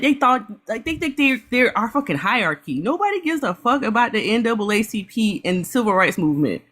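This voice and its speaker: Upset woman ranting fast, swearing a lot, reaction talk. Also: medium pitch, fairly bright tone. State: upset, apologetic. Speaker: panelist. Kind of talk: heated reaction commentary.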